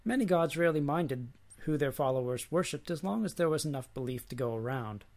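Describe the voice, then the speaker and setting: A man lecturing and reading a book passage aloud in a measured, dry way. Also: a little high, animated, a little mellow.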